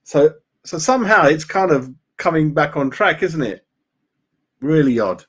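With a fairly high, expressive voice that's a bit bright and slightly rough, this fan channel host speaks a little slowly. He chats about football on a live stream, reading out viewers' comments and calling everyone mate in a matey, casual manner.

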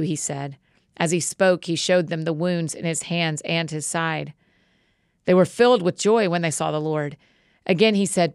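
A woman reads scripture aloud at a steady, measured pace. Her voice is lowish with a noticeable gravelly fry. The sound is close and dry, with no room around it. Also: no echo. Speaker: podcast host reading scripture. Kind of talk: scripture reading.

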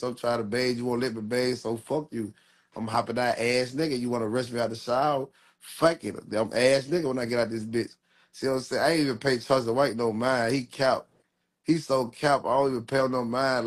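A man in his twenties talks straight to his viewers in a casual livestream. He rambles, circles back and keeps leaning on street slang. His voice sits at an ordinary middle pitch. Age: 20s. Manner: rambling street slang, repeats "real talk". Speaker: rapper.

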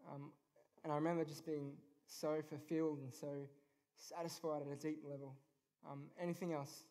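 At a youth event venue, an Australian man in his twenties or thirties shares his faith in an earnest, informal, unpolished way, filling pauses with lots of ums. His voice is a little higher than most men's, with a darkish tone.

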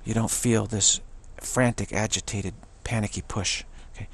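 A man's voice: lowish voice, fairly even intonation, moderate pace, creaky, slightly rough. A man giving a solo spoken commentary, rambling earnestly and often repeating and restarting his phrases. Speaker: channel host.

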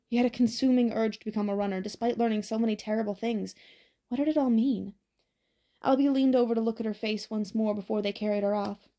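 A woman narrating an audiobook in a steady, even storytelling manner. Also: on the high side.

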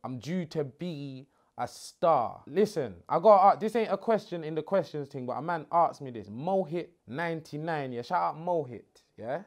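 A man's voice: fairly high pitch, moderate pace, few pauses. A young man, half Ghanaian, hosting a casual chat from his living room and answering fan questions with cheeky slang. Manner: cheeky, bantering London slang, lively swings of loudness. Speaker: host. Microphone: phone at arm's length.

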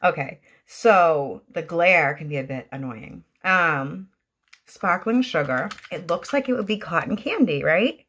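A woman's voice: fairly low pitch, expressive, a little slow, fairly bright tone, breathy edge. A woman with a Boston accent giving a chatty, enthusiastic product review at home, gushing about each item. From Boston area, US. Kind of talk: casual product review vlog.

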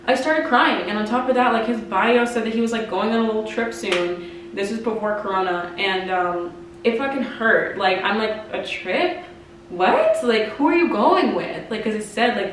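A Canadian woman in her twenties, a vlogger, gives candid breakup advice in an emotional, confiding way, using "like" a lot and swearing casually. Her voice is medium-pitched and fairly bright, with slight background noise. She's recorded on a compact camera mic in an echoey room, somewhat far from it.

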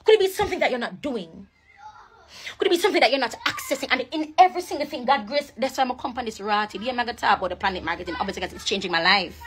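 A young woman with a Jamaican accent, livestreaming a rambling, preachy sales pitch for her network marketing business. She repeats herself and slips into patois. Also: lively intonation, rapid-fire, a bit bright, slight background noise. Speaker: live streamer promoting a network marketing business. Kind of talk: casual live-stream sales pitch.

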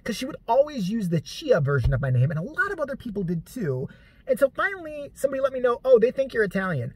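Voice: medium pitch, big pitch swings, quick pace, slightly rough, no echo. A vlogger telling rambling, joking, profane stories about a late father in a casual monologue.

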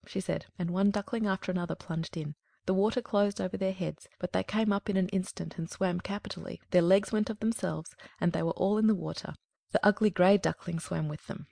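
A woman narrating a classic fairy tale in a calm, measured storybook reading. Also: lowish voice, gravelly, no echo, clean studio sound.

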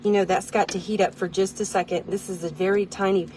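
A woman vlogging a chatty product demo from inside a tiny car, rambling, self-deprecating and easily excited. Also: medium pitch, fast talker, slight background noise.

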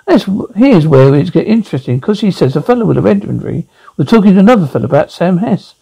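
An earnest young woman deputy, as a man voices her reports a case eagerly and matter-of-factly. The voice stays gravelly and mellow, in a one-man radio drama. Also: sits high, animated, fast, heavily acted, low-quality recording.

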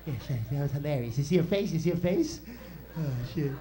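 A man's voice: on the high side, animated, quick pace, mellow, pitched below the performer's own voice, natural voice. A man voicing a nine-year-old boy who talks like a wisecracking gangster, bossy and full of clipped repeated phrases. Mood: gleeful. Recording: noisy live club recording.

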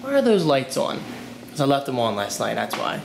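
A man's voice: medium pitch, huge pitch swings, fairly quick, creaky, background noise. A young man chatting casually in a home vlog, joking around and talking to his dogs as he moves from room to room. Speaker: vlogger. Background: music playing from his phone.

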